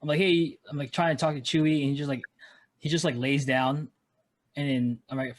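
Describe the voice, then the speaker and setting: A man's voice: fairly high pitch, steady tone, fast talker. A man co-hosting a podcast in casual chat, laid-back and swearing freely. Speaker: podcast co-host.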